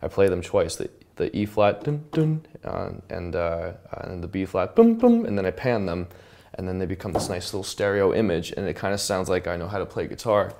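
A man explaining how he built a song in casual studio talk, animated and humming parts out loud to show them. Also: deep voice, fairly quick, gravelly, slight background noise. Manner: animated, hums and vocalizes parts to demonstrate. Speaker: songwriter and producer. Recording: loud music playing under the voice.

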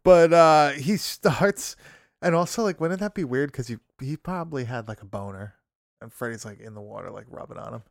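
A man's voice: mid-range voice, animated, moderate pace, creaky, no echo, clean studio sound. A young man casually recapping a horror movie, swearing, laughing often and rambling through fillers.

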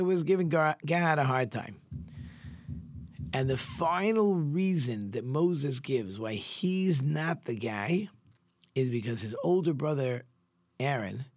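A man who is a rabbi, giving a Torah lesson in an animated storytelling way, with sudden jumps in pitch and frequent conversational restarts. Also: no echo.

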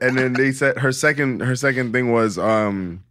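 A young man chats casually with friends on a podcast. His mid-pitched voice is recorded dry, with no room sound. He tells stories full of slang and swearing and acts out what people said. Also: normal speed, hardly any pauses, no room sound. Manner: animated storyteller, slangy and profane, acts out quotes. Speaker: podcast co-host. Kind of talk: casual chat among friends.

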